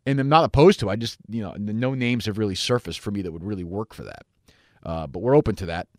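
A man's voice: lowish voice, expressive, fast talker, darkish tone, dry recording, clean studio sound. A man hosting a radio talk show, answering listener questions in a rambling, blunt and sometimes profane way. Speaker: radio host.

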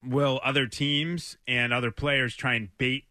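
A man co-hosting a sports talk radio show, giving articulate, measured analysis. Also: medium pitch, flat delivery, pushed and bright, no room sound, clean studio sound.

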